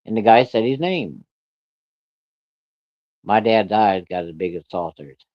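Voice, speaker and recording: A man telling a story of his own in a blunt, profane, folksy way, with rough rural grammar. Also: lowish voice, lively intonation, a little slow, no echo. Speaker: storyteller recounting a personal encounter. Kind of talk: casual spoken storytelling. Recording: dull, lo-fi and dry.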